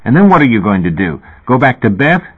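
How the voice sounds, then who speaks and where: A man voicing a loud, bullying male therapist who yells and hectors. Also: medium pitch, big pitch swings, brisk, husky. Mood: hectoring. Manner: yelling, hectoring. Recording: tinny phone-like recording.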